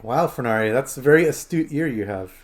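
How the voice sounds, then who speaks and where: A man's voice: medium pitch, lively intonation, fairly quick, soft background music. A man streaming a game, chatting casually and rambling to his viewers. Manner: rambling, chatty, talking to chat and his phone. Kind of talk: casual live-stream chat.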